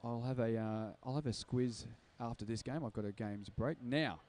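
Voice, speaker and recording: A man's voice: medium pitch, moderate pace, darkish tone. A man giving live roller derby commentary, chatty and joking at his own expense. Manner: chatty, jokey, self-deprecating, ad-libbing. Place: sports venue.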